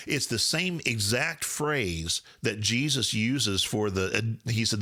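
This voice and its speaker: Bright-voiced man explaining scripture. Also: on the low side, animated, unhurried, hardly any pauses. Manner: thoughtful, explanatory, frequent restarts. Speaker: podcast co-host, Bible teacher. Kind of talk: casual Bible discussion.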